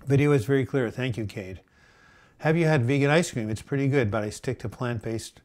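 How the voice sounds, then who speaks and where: A middle-aged man hosting a live chat, reading viewer comments aloud and answering them with gentle advice, full of fillers and restarts. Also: mid-range voice, a little fast. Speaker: host answering viewer questions.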